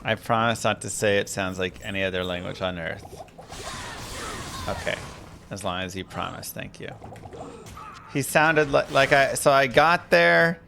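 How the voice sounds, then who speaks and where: A man's voice: on the low side, measured pace, creaky, pauses often, background noise. A man streaming a game, casually telling rambling anecdotes and laughing often. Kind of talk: casual live-stream chat.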